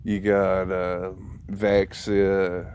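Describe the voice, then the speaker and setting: A man's voice: deep voice, monotone, extremely slow, darkish tone, slight background noise. A man vlogging a casual rant, rambling and profane, often breaking into laughter.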